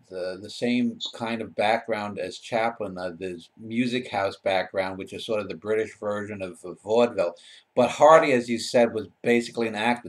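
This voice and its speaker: A male host speaks over a video call at a mid pitch. He frames his questions in a steady, deliberate way, building up background before asking. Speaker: interviewer and host. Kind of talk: interview questions.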